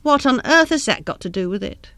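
A woman voicing Gus, a brisk, impatient man who talks brusquely. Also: on the high side, lively intonation, fairly bright tone, dry recording, voice pushed up. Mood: testy. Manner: brusque, testy.

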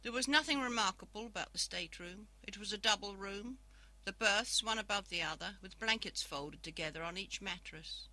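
A reader narrating a first-person ghost story in a measured, even storytelling manner. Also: medium pitch, poor audio.

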